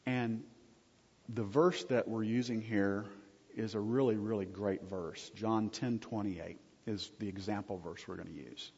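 A pastor with a lowish, husky, a little mellow voice preaches conversationally, with fairly even intonation and a slightly slow pace. He often checks in with the congregation through questions and jokes with them, and the dull lo-fi recording carries a long hall reverb.

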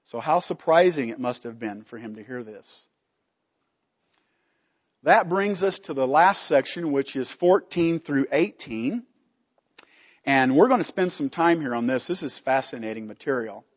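A man's voice: medium pitch, lively intonation, measured pace, in a large hall, dull audio. A man teaching a Bible study from slides, emphatic, putting questions to the class and answering them himself.

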